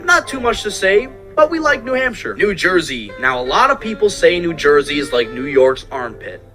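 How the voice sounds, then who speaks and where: A man's voice: on the high side, sing-song, normal speed, sharp tone. A man giving comedic scripted narration for an explainer video, with sarcastic asides and jokes. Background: background music.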